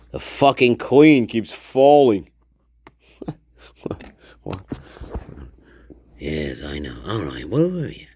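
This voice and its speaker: A man's voice: lowish voice, sing-song, slow, pauses often, a little mellow, husky, no echo. A man hosting a livestream, rambling in a giggly, profane way, repeating phrases and sometimes dropping to a whisper. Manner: drops to whispers at times. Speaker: livestream host.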